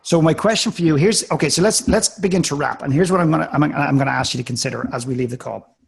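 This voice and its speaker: A man's voice: on the high side, quick pace, vocal fry, slightly rough. A man in a live coaching call, talking earnestly and directly, often restarting his words. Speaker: life coach.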